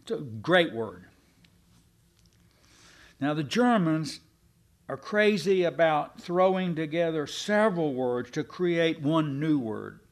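Slow folksy preacher man. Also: on the high side, animated. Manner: folksy, self-deprecating, slow deliberate preaching. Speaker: pastor. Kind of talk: sermon.

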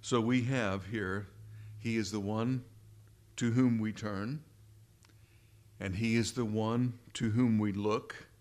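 A man preaching a sermon in an emphatic, deliberate way, leaning on repeated phrases. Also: lowish voice, fairly even intonation, a little mellow.

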